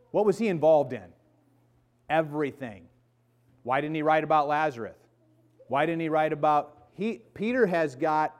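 A man delivering a sermon, his voice sitting a little high for a man. He talks to the congregation casually, with restarts and asides, then pushes into urgent, emphatic stretches before dropping low again. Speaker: pastor.

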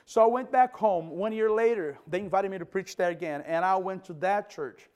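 Male preacher with a high voice, animated story-led sermon with frequent restarts. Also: clear, resonant tone. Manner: animated storyteller acting out dialogue; halting, restarts mid-sentence. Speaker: pastor.

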